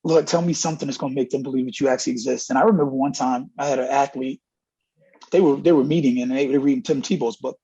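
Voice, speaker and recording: A man's voice: medium pitch, fairly even intonation, fast talker, mellow, breathy edge. A middle-aged man, a football coach, giving a candid interview and telling stories with lots of acted-out dialogue. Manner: earnest storyteller acting out dialogue. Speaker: college running backs coach, interview guest. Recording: dull lo-fi audio.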